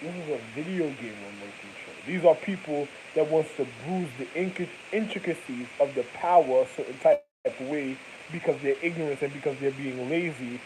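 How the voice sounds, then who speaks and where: A man's voice: medium pitch, background noise. A man rambling through a casual monologue, profane and slangy, jumping from one thought to the next.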